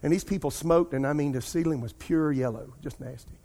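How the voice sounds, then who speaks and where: A middle-aged man, a pastor preaching a sermon and telling a personal story in an animated way. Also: on the high side, a little fast. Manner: animated storytelling, addresses congregation as "y'all".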